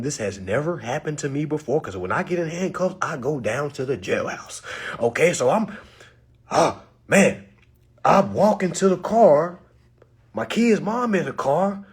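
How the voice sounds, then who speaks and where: A man telling a personal story to his viewers in a casual, animated, profane way, calling them y'all. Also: mid-range voice, a little slow. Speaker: vlogger.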